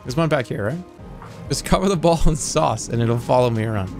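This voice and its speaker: A man streaming a video game with goofy, excitable running commentary and sudden yelps. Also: medium pitch, fairly quick, creaky, music in the background. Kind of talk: live gameplay commentary.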